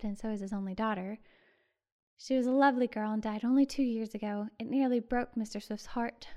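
A woman's voice: a little high, warm tone, lightly acted. A woman reading as a gushing young schoolgirl. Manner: gushing, eager.

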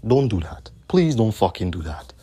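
A man's voice: fairly low pitch, big pitch swings, moderate pace, mellow, breathy edge. A man hosting his own podcast, ranting in a combative, profane way and repeating his points. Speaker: podcast host.

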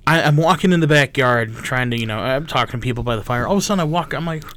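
A man in his twenties co-hosting a podcast, telling a story in a casual, animated, profane way. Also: mid-range voice, fast talker, a little hiss or hum. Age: 20s. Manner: animated, profane, mimics people in stories. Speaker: podcast co-host.

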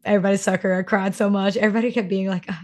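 A woman's voice: mid-range voice, fairly even intonation, rapid-fire. Chatty young woman. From North Carolina. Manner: chatty, emotional storyteller, many "like" fillers. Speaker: podcast co-host. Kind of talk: casual chat.

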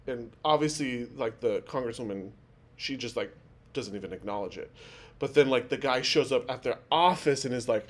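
A man co-hosting a podcast, talking through a TV episode in loose, rambling chat. His voice sits at a middle pitch, and he keeps stacking fillers. When he quotes a character he jumps higher and louder. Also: normal speed. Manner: rambling with many fillers, acts out quotes in a raised voice. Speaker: podcast co-host. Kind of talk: casual chat recapping a TV episode.

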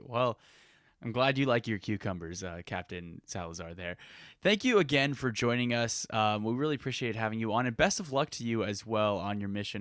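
A man's voice: fairly low pitch, a bit bright, clear, resonant tone, no room sound, clean studio sound. A man hosting a casual podcast chat, easygoing with frequent fillers. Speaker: podcast host.

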